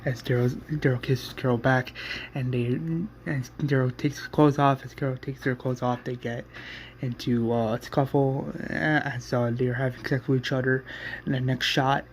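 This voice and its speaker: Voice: mid-range voice, little pitch movement, moderate pace, a little hiss or hum. A narrator casually retelling an episode's plot, rambling with many fillers and restarts.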